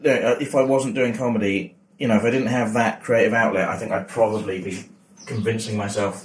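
A man's voice: fairly low pitch, fairly even intonation, fairly quick. A man, a comedian guest, chatting in a dry, self-deprecating, rambling way in his home kitchen. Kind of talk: casual interview chat. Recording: roomy kitchen, distant mic, faint noise.

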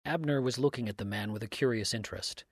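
A man narrating a story aloud in a measured, even way. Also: medium pitch, no echo, clean studio sound. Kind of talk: audiobook narration.

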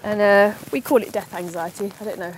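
Walking outdoors through a rainy park, a female podcast host chats in a rambling, casual monologue, occasionally laughing at herself. She speaks briskly with a medium pitch and steady tone, on a low-quality recording with slight background noise.

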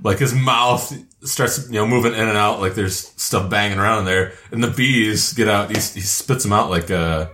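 A man's voice: lowish voice, moderate pace, few pauses, sharp tone. A man chatting casually as a podcast co-host, cracking crude jokes and swearing freely. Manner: crude joking, swears, laughs often. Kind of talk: casual chat. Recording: roomy echoey room.

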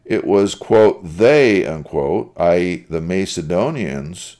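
Sitting low in pitch, this man's voice is expressive and somewhat dark. He teaches a Bible study in a deliberate, methodical way, quoting verses aloud and unpacking each one in turn.

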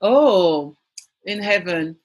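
A man's voice: high voice, animated, extremely slow. A man from France with a French accent, a comedian guest talking bluntly and mockingly in a casual interview.

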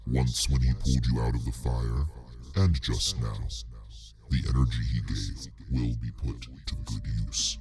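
A man voicing a cold, calmly menacing inhuman creature in a deep gravelly rumble, slow and matter-of-fact. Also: soft background music, exaggerated voice.

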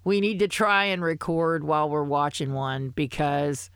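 A woman co-hosting a podcast in casual chat, rambling and halting with many restarts, swearing freely. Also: low voice, fairly even intonation, smooth, dry recording, clean studio sound. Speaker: podcast co-host.

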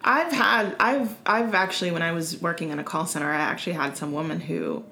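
A woman talks casually, her voice swinging up and down as she acts out the people in her stories. Her tone is bright and forward. The room around her echoes. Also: lowish voice, fairly quick, creaky, slight background noise. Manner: animated storyteller, acts out quotes. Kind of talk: casual chat.

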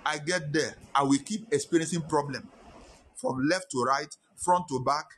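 A man's voice: fairly high pitch, moderate pace, fairly bright tone, a little hiss or hum. A male pastor, preaching a sermon with impassioned rhetorical questions.

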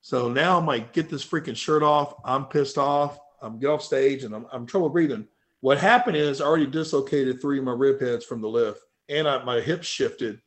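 A man in a casual podcast chat, a powerlifter retelling his story in a mid-pitched voice. He talks in an animated, profane way, and his voice jumps loud and high whenever he quotes himself. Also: normal speed. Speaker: powerlifter guest.

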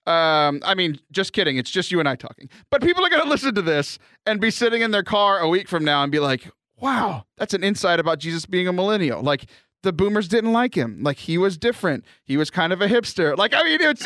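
A man's voice: high voice, very animated, brisk, sharp tone, dry recording, studio quality. A young man co-hosting a podcast, teasing and joking in casual chat. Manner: joking, teasing, laughs often. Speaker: podcast co-host.

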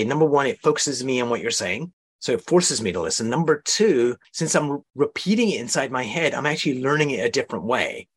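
A man's voice: medium pitch, husky. A man hosting an interview podcast, explaining ideas in a coaching, demonstrative way. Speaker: host.

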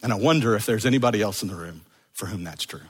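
A middle-aged man preaching a sermon to a church congregation, moving between urgent emphasis and hushed, slow repetition. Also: fairly low pitch, animated, breathy edge. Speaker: pastor. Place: church sanctuary. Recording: long hall reverb.

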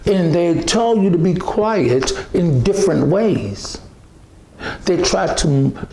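A man preaching a sermon, slow and emphatic, repeating phrases and restarting often. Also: a little high, gravelly, a little mellow, roomy sound.

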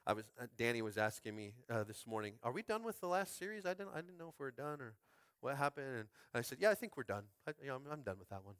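A man preaching a sermon as pastor, fervent and calling out to his congregation, swinging from quiet musing to shouted climaxes. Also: mid-range voice, very animated, fast talker, clear, resonant tone, dry recording, clean studio sound. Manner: calls out to the congregation. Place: school space used as a church.

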